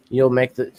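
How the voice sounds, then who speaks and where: Guy hosting a live stream, thirties, rambly, thinks out loud, laughs a lot. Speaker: host of a live-stream talk show. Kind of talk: casual live-stream chat.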